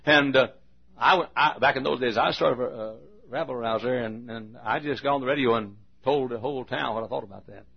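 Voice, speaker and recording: An older man, a pastor preaching a sermon in a folksy storytelling manner, dropping to a hush and then bursting out loud. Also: mid-range voice, brisk, creaky, breathy edge. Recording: dull, lo-fi archival sermon recording.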